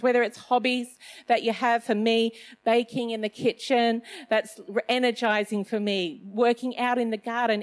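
A middle-aged woman giving a casual Christian talk, chatty and self-mocking, with loose phrasing and plenty of fillers. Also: on the high side. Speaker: Christian speaker.

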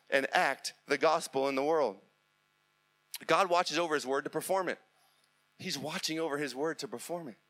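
A middle-aged male pastor preaches a sermon, his voice on the high side, with urgent, repetitive exhortation that builds to impassioned near-shouting.

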